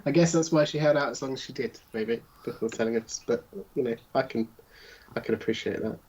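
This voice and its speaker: A man's voice: mid-range voice, fairly quick, a little mellow, husky, lo-fi sound. A man playing a tabletop role-playing game, talking wryly with hesitant restarts and frequent chuckles. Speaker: player. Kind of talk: tabletop role-play banter.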